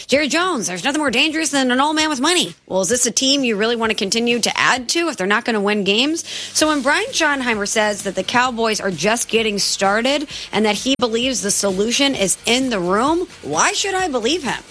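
A woman's voice: on the high side, animated, fairly quick, few pauses, fairly bright tone. A woman co-hosting a sports talk show, giving emphatic, skeptical opinions and running through a list of picks.

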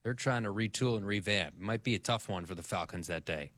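A man's voice: fairly low pitch, a little fast, fairly bright tone, no room sound. A man co-hosting a sports radio show in casual chat, joking and bantering.

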